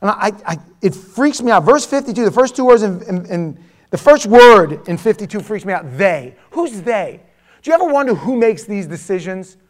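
A man preaching a verse-by-verse sermon, swinging between hushed, intimate asides and loud, mocking quotes of imagined listeners. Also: sits high, brisk. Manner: animated preaching, swinging from hushed asides to near-shouting mimicry. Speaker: pastor. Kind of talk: expository sermon.

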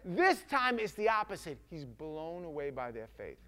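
High-voiced animated male preacher. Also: moderate pace. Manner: animated, acts out quotes, conversational. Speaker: pastor. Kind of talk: sermon.

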